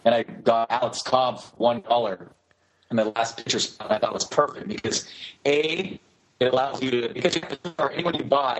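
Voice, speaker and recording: A man co-hosting a podcast over a remote call, talking quickly with restarts, his line at times garbled. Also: medium pitch, crowd noise, low-quality recording. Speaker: podcast co-host. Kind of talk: casual chat. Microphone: remote call, garbled connection.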